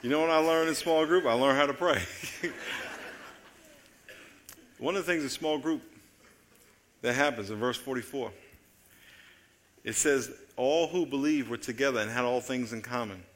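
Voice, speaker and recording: A man preaching a sermon, telling stories with acted-out voices and jokes, moving between loud excited calls and quiet low asides. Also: normal speed, pauses often, a little hiss or hum. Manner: animated storytelling, acting out voices and jokes. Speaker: pastor.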